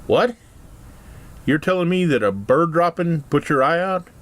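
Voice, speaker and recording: A curious, polite castaway, as a man puts him on. He asks eager questions in a voice pitched well above the teller's own. The delivery keeps some gravel. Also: expressive, quick pace. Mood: incredulous.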